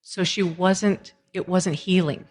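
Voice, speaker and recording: A woman's voice: lowish voice, fairly even intonation, slow, a little mellow, a little hiss or hum. A woman from Colorado, a podcast guest, telling a long personal story in casual conversation and acting out what people said in strings of run-on phrases. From Colorado, USA. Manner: retells events with many quoted exchanges, run-on phrasing. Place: coffeehouse.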